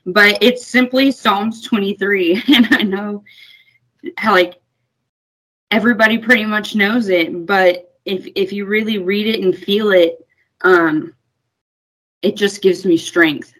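A woman's voice: medium pitch, fairly even intonation, slow, a bit bright, low-quality recording. A young woman, a guest on a radio interview, speaking sincerely and emotionally about her faith. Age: young adult. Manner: sincere, emotional, laughs when choked up. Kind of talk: conversational interview.

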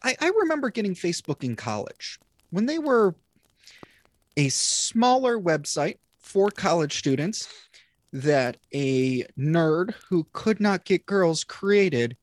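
A podcast host in their thirties who rants with animated energy and drops the odd swear word. The voice sits at a middling pitch, and the recording is dry and close. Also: slow, no room sound. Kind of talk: casual chat.

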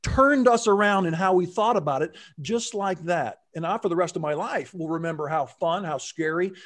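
A man telling a story in casual conversation, acting out quotes with lively jumps in his voice. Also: moderate pace. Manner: animated, acts out quotes with big pitch jumps.

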